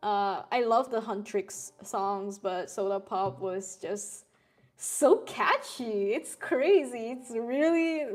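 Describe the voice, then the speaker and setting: A woman in her thirties, streaming and chatting casually with her viewers and laughing often. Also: fairly high pitch. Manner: chatty, laughs often, reads chat aloud. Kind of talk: casual live-stream chat.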